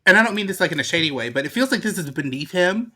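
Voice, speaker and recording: Man, podcast co-host, casual chat, slightly high, very bright tone, opinionated and playful. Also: animated, racing. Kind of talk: casual chat about wrestling.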